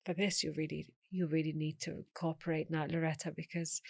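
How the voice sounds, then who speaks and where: A woman's voice: low voice, little pitch movement, fairly quick, gravelly, a little mellow, no room sound, studio quality. A middle-aged woman, a guest telling her life story in an interview, acting out the voices of the people she quotes.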